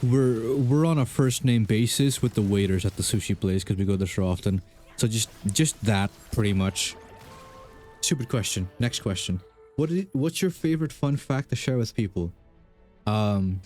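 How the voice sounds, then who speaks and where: Speaking in a low, dark voice, a young gamer streams and chats casually. He wanders through questions loosely, peppering them with fillers and jokes at his own expense.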